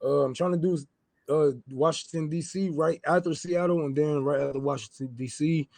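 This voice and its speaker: Male guest, a bit high-pitched, casual and profane, dry close recording. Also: fairly even intonation, moderate pace, vocal fry, darkish tone, no echo. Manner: loose, profane, trailing off. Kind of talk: casual chat.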